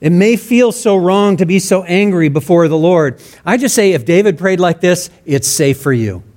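A man's voice: high-pitched, expressive, moderate pace, darkish tone. A man preaching a sermon in an earnest, conversational way, acting out sample prayers in his own words. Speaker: pastor.

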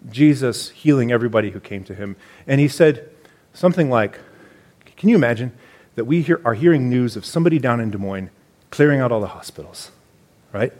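A man, a church elder preaching a sermon in a conversational, explanatory way with animated emphasis. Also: mid-range voice.

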